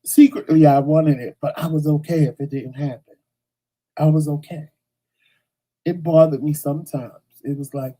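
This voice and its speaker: A man hosting a morning talk show, talking in a casual monologue that is blunt and animated, with slang and stuttered restarts. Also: a little high, normal speed, rough recording.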